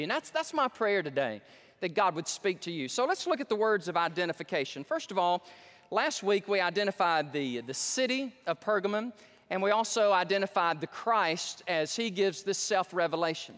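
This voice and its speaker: A man preaching a sermon as pastor in a large church, folksy and excitable, often restarting his words. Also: sits high, fairly quick, in a large hall.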